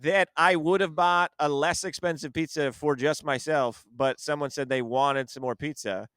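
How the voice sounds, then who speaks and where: A man, a comedian podcast host, in casual chat, telling a story in an animated way and defending his side emphatically. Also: fairly high pitch, moderate pace, clear, resonant tone, dry recording, studio quality.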